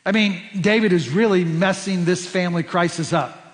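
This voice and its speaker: A man's voice: sits high, moderate pace, long reverb tail. A man preaching a sermon as pastor, stressing points by repeating words and restarting phrases. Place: church sanctuary.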